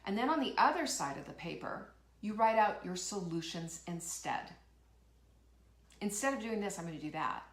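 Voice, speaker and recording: An animated woman of medium pitch speaks at a moderate pace, her voice echoing around the room. She's the fired-up host of a live motivational talk show, firing off rhetorical questions, reading viewer comments, and laughing.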